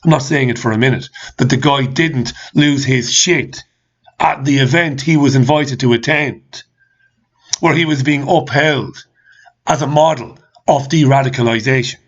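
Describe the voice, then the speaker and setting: A man's voice: medium pitch, moderate pace, husky. A man hosting a talk show, ranting in commentary with repeated questions and swearing. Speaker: host. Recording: slightly dull lo-fi sound.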